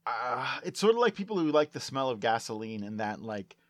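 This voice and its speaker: A man's voice: medium pitch, big pitch swings, brisk. A man co-hosting a podcast, joking through a casual, self-mocking chat over beers. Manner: joking, self-mocking, drinking beer while talking. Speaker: podcast co-host.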